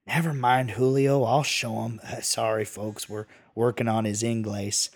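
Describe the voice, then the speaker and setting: A man's voice: medium pitch, little pitch movement, unhurried, gravelly. A man voicing an impatient male storekeeper on the frontier, folksy and exasperated. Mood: apologetic.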